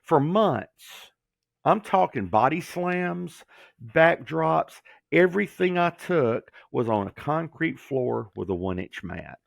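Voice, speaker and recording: A man's voice: fairly high pitch, slow, creaky, no echo, studio quality. A middle-aged man from Georgia, telling his life story as a guest and acting out the voices of people in it. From Georgia, USA. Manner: animated storyteller who acts out quoted voices. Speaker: guest, former pro wrestler. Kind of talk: storytelling interview.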